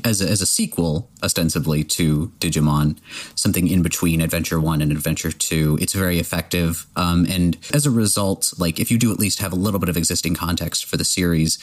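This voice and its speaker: A man with a very low voice hosts a casual podcast chat. He rambles along, leaning on ums and likes as he thinks out loud. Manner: rambling with frequent fillers.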